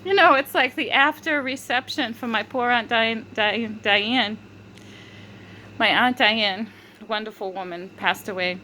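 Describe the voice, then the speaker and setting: A woman's voice: on the high side, unhurried, pushed and bright, a little hiss or hum, poor audio. A woman vlogger telling a rambling story, full of fillers, restarts and frequent giggling. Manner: filler-heavy, restarts often. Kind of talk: casual rambling monologue.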